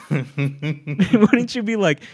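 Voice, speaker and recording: A young man chatting casually with friends, telling stories with lots of energy and playing out made-up conversations. His pitch swoops widely and sits a little high for a man. The sound is dry and close. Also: drawn-out words, dry recording. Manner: animated storytelling, acts out imagined dialogue, laughs often. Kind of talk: casual chat among friends.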